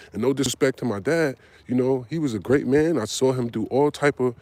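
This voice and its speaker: A man's voice: mid-range voice, a little fast, few pauses, a little mellow. A man, telling his life story in casual talk, candid and profane, acting out the voices of people he quotes. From Harlem, New York. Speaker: podcast host.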